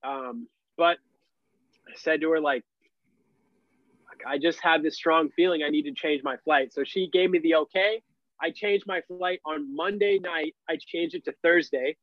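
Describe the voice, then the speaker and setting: A man's voice: fairly high pitch, unhurried, no echo. Young man telling a story, lots of "like". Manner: animated, heavy use of "like" fillers. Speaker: podcast guest. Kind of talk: casual storytelling. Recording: dull, lo-fi and dry.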